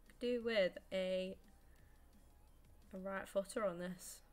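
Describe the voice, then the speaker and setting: Woman, 20s, streamer; chatty, self-mocking, swears freely, laughs a lot, mid-pitched voice. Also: fairly even intonation, slow, faint music behind. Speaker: gaming streamer. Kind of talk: casual live gameplay commentary.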